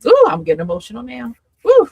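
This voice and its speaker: Here a host and coach shares her story in a live conversation, full of emotion, frequent laughter, and impressions of who she used to be. Her medium-pitched voice moves at normal speed and sounds slightly bright, with no room sound but poor audio quality.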